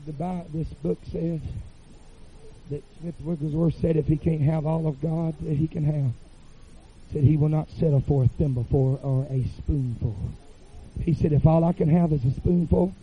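A man preaching a revival sermon in a church, chanting phrases with "uh" fillers and rising to shouts. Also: a little high, steady tone, moderate pace, slightly rough, narrow, tinny audio.

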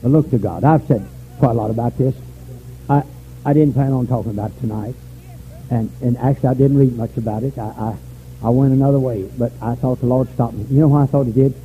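An older man preaches a fervent revival sermon, his voice climbing into shouts and then sinking low. The recording is thin and tinny like a phone line, with a faint hiss underneath. His pitch sits in an ordinary middle range. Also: fairly even intonation, fast.

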